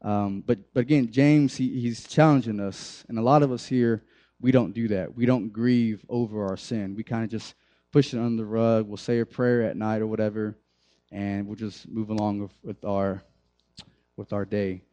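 Young male youth preacher, mellow tone, loose talk to a room of teens. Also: on the low side, steady tone, normal speed. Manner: conversational, many fillers and restarts, addresses the group directly. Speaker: youth pastor. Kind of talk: casual sermon.

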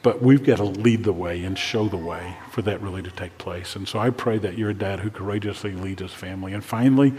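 An older man preaching a sermon to fathers, earnest and dropping to a hushed voice when praying. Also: lowish voice, a little fast, few pauses, big-room sound. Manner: earnest, drops to a hushed voice for prayers. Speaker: pastor.

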